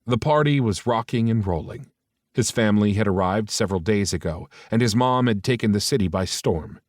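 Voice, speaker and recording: A male audiobook narrator reads a romance in a steady, even way. His voice sits low. The recording is dry and close, with no room sound. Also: a little fast, no echo.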